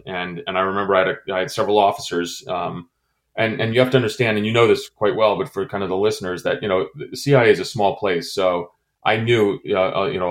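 A middle-aged man from the United States, a former intelligence officer, recounting a personal story in an interview, halting with many fillers and restarts. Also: low voice. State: choked up.

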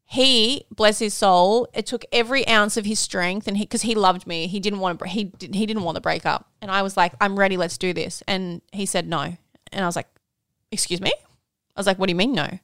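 A candid woman in her thirties tells a personal story on a podcast in loose, casual chat. Her voice is smooth and clear, at a middle pitch. The sound is dry and close. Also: fairly even intonation, brisk, a bit bright, no echo. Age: 30s. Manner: candid storytelling, swears freely, laughs through tears. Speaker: podcast co-host.

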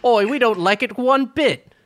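Guy doing a silly cockney bloke, oi-ing all over, high and bright, dry sound. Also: normal speed, no echo. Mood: mocking. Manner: exaggerated "oi" and "mate" parody. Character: mock cockney British bloke, adult man.

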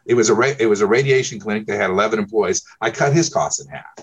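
Husky man, emphatic storyteller. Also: lowish voice, fast talker, dull audio. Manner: emphatic, peppers speech with "okay?". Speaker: insurance broker guest. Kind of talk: conversational storytelling.

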